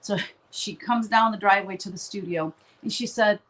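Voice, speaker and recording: A woman's voice: mid-range voice, moderate pace, fairly bright tone, a little hiss or hum, poor audio. A woman hosting a live stream from her studio, chatting casually in a rambling way and laughing often.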